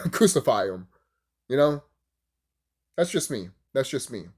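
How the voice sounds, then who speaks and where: A man's voice: medium pitch, measured pace, slightly rough. A man reviewing cartoons in a casual rant, swearing freely, laughing often and rambling with restarts. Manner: animated, profane, laughs often; rambling, restarts mid-thought.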